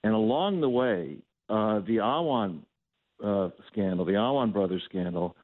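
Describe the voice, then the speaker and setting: A man's voice: fairly low pitch, animated, a little slow. Man on a tinny phone line. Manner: rambling, roundabout, frequent fillers. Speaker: phone-in guest. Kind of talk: talk radio commentary. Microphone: telephone.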